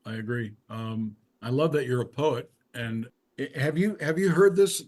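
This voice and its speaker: A man's voice: mid-range voice, normal speed, a little mellow. An older male musician in a casual interview, telling rambling stories with frequent restarts and asides. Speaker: musician guest.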